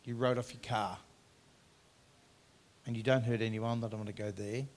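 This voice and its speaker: A man preaching a sermon as pastor, earnest, swinging from loud emphatic lines to quiet conversational asides, drawing out key words. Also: lowish voice, little pitch movement, moderate pace.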